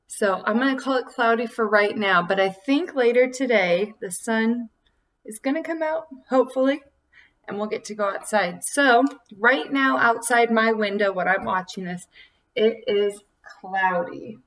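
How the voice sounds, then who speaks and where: A young woman teaching a preschool circle time from home, talking slowly and clearly in a sing-song way for small children. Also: a little high, fairly bright tone, recorded from a distance, low-quality recording.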